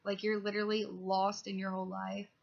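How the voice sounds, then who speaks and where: A woman's voice: mid-range voice, completely flat delivery, a little fast, creaky, highs cut off. A young woman talking casually to camera in a personal vlog, rambling and chatty with lots of "like". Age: young adult. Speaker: vlogger.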